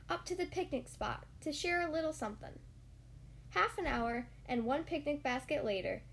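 Animated woman reading a storybook aloud. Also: sits high, slight background noise. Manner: animated, sing-song reading.

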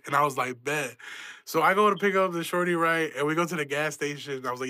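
A man's voice: fairly high pitch, quick pace, pushed and bright, no room sound, clean studio sound. A young man hosting a podcast, telling stories in a profane, self-mocking, casual way and laughing often. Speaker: podcast host. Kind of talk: casual storytelling.

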